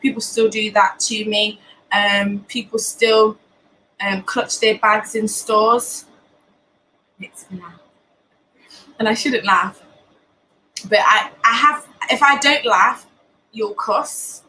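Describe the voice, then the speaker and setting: A young woman from Britain, hosting a live show from home and talking candidly with many pauses and restarts. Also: mid-range voice, fairly even intonation, bright, forceful tone, a little hiss or hum, rough recording. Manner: earnest, many ums and restarts. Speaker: host of a live talk show. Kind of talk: candid personal talk.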